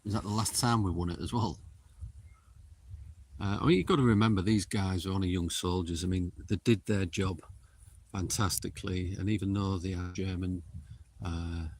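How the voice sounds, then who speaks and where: A middle-aged man with a low voice livestreams a paranormal investigation in a windy outdoor cemetery. In a hushed tone he slowly calls out to spirits, giving casual live commentary.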